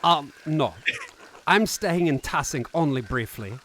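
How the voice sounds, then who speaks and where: A man voicing a soft-spoken wandering male tinker with a vague put-on foreign-sounding accent, as a live game voice-over. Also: on the high side, animated, a little slow, slight background noise.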